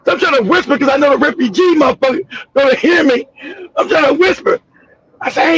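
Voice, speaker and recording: A man hosting a livestream, telling a crude story in an animated, profane way with loud outbursts. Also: extremely high pitch, quick pace, lo-fi sound, slight background noise. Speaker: host.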